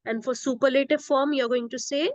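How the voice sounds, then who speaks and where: A woman's voice: high voice, fairly even intonation, a little fast, no room sound, muffled recording. A woman teaching English grammar, patiently repeating words and checking understanding, mixing in Hindi. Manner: patient, repetitive, often checks "okay?" and slips into Hindi. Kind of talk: classroom lesson.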